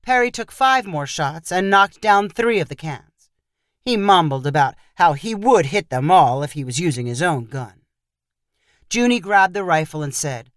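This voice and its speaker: A man narrating a short story in a measured reading voice. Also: sits high, expressive, a bit bright, dry recording, studio quality.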